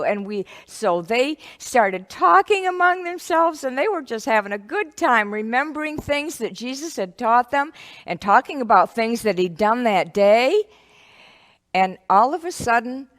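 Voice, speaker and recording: A woman teaching a children's ministry lesson, telling a Bible story to kids in an animated, expressive way. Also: mid-range voice. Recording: echoey hall.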